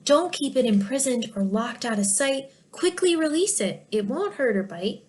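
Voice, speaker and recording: A cheerful male jester from a children's storybook, read by a woman. The delivery is bright and coaxing and sits a touch high, with a lilting, rhyming rhythm. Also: animated, normal speed. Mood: excited. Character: cheerful jester on a quest to find laughter, male.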